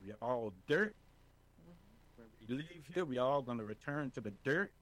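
A man being interviewed as a residents' advocate, talking in an animated, emphatic way and often checking in with the listener. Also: mid-range voice, normal speed, low-quality recording. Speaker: senior residents' advocate, guest. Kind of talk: casual interview talk.

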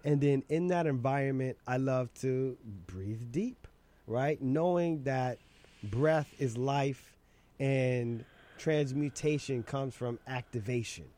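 A man of average pitch speaks in a relaxed conversation, reflective and unhurried. He stresses key words and often checks in with "right?". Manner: reflective, slow and emphatic, asks "right?". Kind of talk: casual conversation.

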